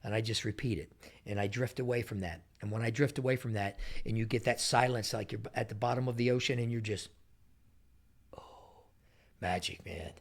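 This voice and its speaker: A man's voice: medium pitch, quick pace. A middle-aged man answering interview questions casually, telling stories and acting out the people he quotes. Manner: animated storyteller, acts out quoted people. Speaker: interview guest.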